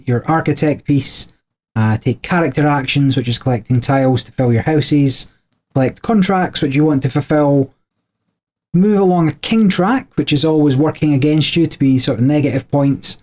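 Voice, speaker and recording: A man's voice: mid-range voice, darkish tone. A man co-hosting a podcast, explaining board game rules in a chatty way with frequent small laughs. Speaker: podcast co-host.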